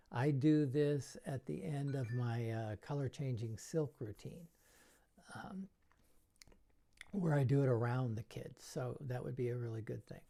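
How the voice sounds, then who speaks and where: A middle-aged man with a gravelly, mellow voice talks through show tips in a loose, chatty way. He keeps slipping into playful, silly kids' show banter to show what he means, then drops back to easy explanation. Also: medium pitch. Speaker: magic show coach. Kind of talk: casual tutorial talk.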